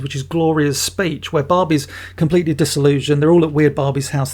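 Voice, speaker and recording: An enthusiastic male podcast host reviews a film in loose, casual chat, swearing freely. His voice is gravelly. It sits somewhat high. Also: darkish tone.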